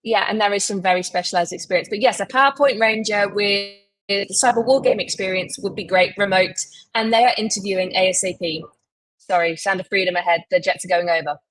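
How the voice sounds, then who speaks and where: A woman's voice: steady tone, a bit bright, dry recording, poor audio. Upbeat woman recruiter, dry sound. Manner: brisk, upbeat job pitches with frequent fillers. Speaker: recruiter and show host. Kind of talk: live recruiting show.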